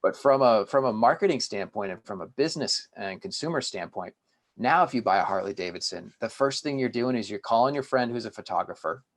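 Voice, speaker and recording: A man's voice: lowish voice, animated, fairly quick. A man, a company founder, speaking as a guest on a podcast and telling stories with enthusiasm. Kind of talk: podcast interview.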